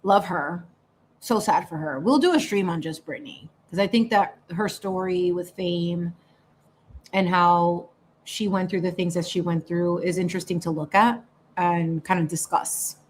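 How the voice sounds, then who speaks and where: A woman hosting a casual livestream, chatty and animated, laughing often and slipping into Spanish phrases. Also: lowish voice, unhurried, a little hiss or hum. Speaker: livestream host.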